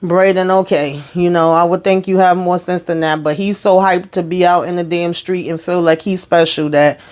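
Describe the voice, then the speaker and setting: A woman giving a casual TV episode recap in an animated, blunt and slangy way, swearing freely. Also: fairly low pitch, moderate pace. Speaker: TV show recap reviewer.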